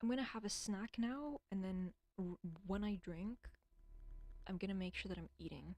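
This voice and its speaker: A woman's voice: mid-range voice, normal speed, a little mellow. A woman rambling alone on a casual stream, swearing often, stumbling over words and dropping into whispers now and then. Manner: rambling, profane, self-deprecating.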